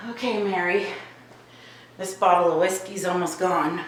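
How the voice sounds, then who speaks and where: A woman vlogging in her home kitchen. She asks a spirit hushed questions and turns to viewers with excited asides. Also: on the low side, unhurried, roomy sound, a little hiss or hum, low-quality recording. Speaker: vlogger host. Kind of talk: casual paranormal vlog.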